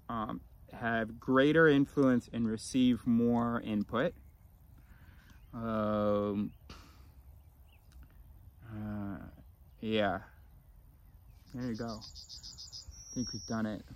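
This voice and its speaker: Rambling man musing to camera. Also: medium pitch. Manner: rambling, philosophical, many restarts, swings between loud and mumbled. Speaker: vlogger. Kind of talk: casual rambling monologue to camera.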